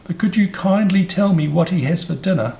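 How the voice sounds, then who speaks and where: A man's voice: high-pitched, expressive, a little fast, gravelly, warm tone, slight background noise, pitched above the performer's own voice. A man voicing a polite, curious young elephant calf who pleads earnestly. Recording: roomy echo, faint ambience.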